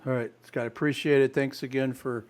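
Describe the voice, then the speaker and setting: A man's voice: mid-range voice, flat delivery, a little fast, darkish tone. A man from the Midwest hosting a business podcast, asking friendly, chatty questions with plenty of "um"s. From American Midwest. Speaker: podcast host. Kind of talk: casual interview chat.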